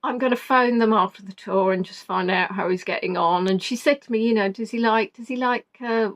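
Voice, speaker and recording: A woman's voice: mid-range voice, fairly quick. A woman vlogger telling a story casually and emotionally, rambling and flustered, quoting what others said. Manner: rambling, flustered retelling with quoted dialogue.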